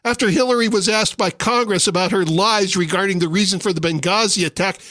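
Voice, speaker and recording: A male radio talk show host with a high voice, speaking with sarcasm and indignation as he works through a political monologue. The studio sound is close and dry, with no room around him. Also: a little fast, bright, forceful tone, no room sound.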